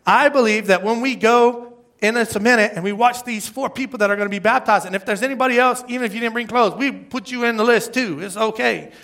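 High, bright-voiced male pastor preaching. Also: fast talker. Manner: conversational, self-deprecating, asks the crowd "right?". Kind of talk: sermon. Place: church service before a congregation.

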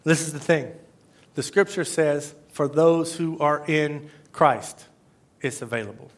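A man preaching a sermon as pastor, conversational and swinging from hushed to emphatic. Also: on the high side, unhurried.

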